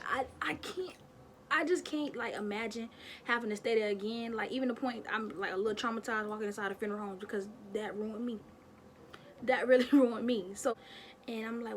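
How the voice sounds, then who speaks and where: A young woman vlogger telling a childhood story in a chatty, animated way, talking straight to her viewers. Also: fairly high pitch, moderate pace, a little hiss or hum. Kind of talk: casual storytime.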